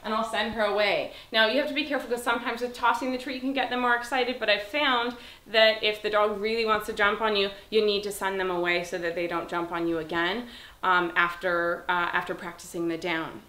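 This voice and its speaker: A woman's voice: medium pitch, brisk. Woman dog trainer in an echoey room. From Southern California. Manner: calm, explaining step by step, with bright praise to the dog. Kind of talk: instructional demonstration.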